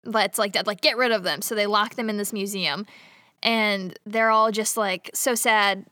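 Young woman, casual movie recap, giggly, bright tone, dry close mic. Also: medium pitch, fairly even intonation, normal speed, dry recording. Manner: chatty, giggly, acts out characters' lines. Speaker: podcast co-host. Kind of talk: casual chat, retelling a movie plot.

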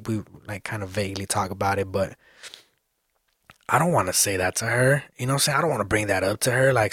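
A man's voice: on the low side, a bit bright, dry recording, studio quality. Rambling, profane man on a podcast. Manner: rambling, swears a lot, many restarts. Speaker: solo podcast host. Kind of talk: casual rambling monologue.

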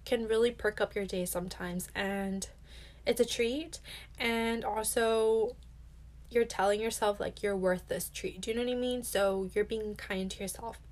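A woman's voice: medium pitch, fairly even intonation, measured pace, darkish tone. A young adult woman hosting a self-help podcast, talking candidly and casually, filling her speech with "like" and swearing now and then. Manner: chatty, heavy use of "like", candid and swears casually. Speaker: podcast host.

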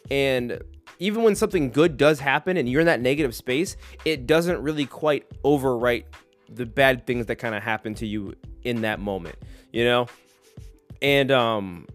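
A man around thirty hosting a solo podcast, rambling in a jokey, animated way. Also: medium pitch. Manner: rambling, animated, jokey, slips into silly voices. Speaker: podcast host.

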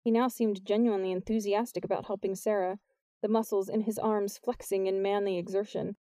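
A woman reading a novel aloud as an audiobook narrator, with steady scripted narration. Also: fairly quick, dry recording. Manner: lifts her pitch for the characters' lines.

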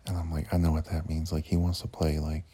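A man with an extremely deep, very husky voice tells a rambling story about his day. He swears freely and keeps restarting his sentences. His delivery stays flat and his tone is dark. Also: fast. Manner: rambling, profane, many fillers and restarts. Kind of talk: casual storytelling.

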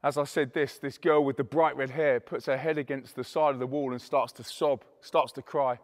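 A man's voice: mid-range voice, moderate pace, long reverb tail. A Christian youth speaker, a man, telling an emphatic testimony story to an audience and acting out the dialogue. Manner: animated, emphatic, acts out quoted dialogue.

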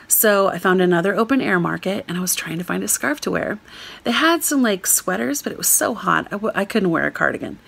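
An American woman telling a lively, laughing, self-mocking travel story on community radio. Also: mid-range voice, creaky. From United States.

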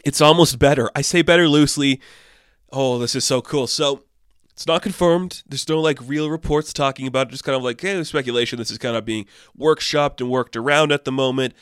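A young man hosting casual entertainment news commentary, animated and sarcastic, swinging between deadpan asides and excited outbursts. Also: mid-range voice, brisk, clean tone, no room sound, studio quality.

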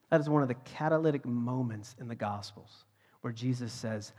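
A male pastor delivering a sermon at a mid-range pitch. He drives key points with rising volume and then sinks into soft, breathy whispers. His delivery is dynamic and earnest. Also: moderate pace. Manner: dynamic, swings from loud emphasis to hushed whispers.

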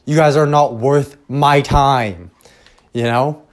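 A man's voice: medium pitch, fairly even intonation, takes it slowly. A young man hosting a podcast alone, rambling casually with lots of swearing and self-deprecating asides. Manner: profane, self-deprecating, trailing off. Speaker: podcast host. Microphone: headphones and home recording setup.

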